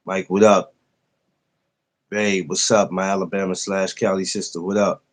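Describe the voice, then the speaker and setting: On a casual podcast livestream, a male host with a low voice greets viewers in the live chat by name. His delivery is flat and his speed normal as he talks loosely, swearing and laughing often.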